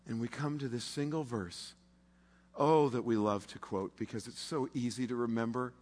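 A man preaching a sermon, impassioned, swinging between loud declarations and hushed, drawn-out pauses. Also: medium pitch, fairly even intonation. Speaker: pastor. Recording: long reverb of a large hall.

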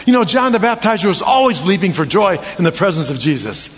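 A man's voice: high-pitched, sing-song, fast. A man preaching a sermon with humor and many rhetorical questions, drawing the crowd in. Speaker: pastor. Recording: long hall reverb.

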